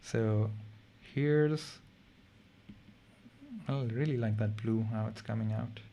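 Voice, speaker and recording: A man's voice: lowish voice, slow pace, creaky, warm tone, a little hiss or hum. A man teaching a late-night online chemistry revision class. He talks casually and keeps checking in with his students. He sounds tired. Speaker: chemistry tutor.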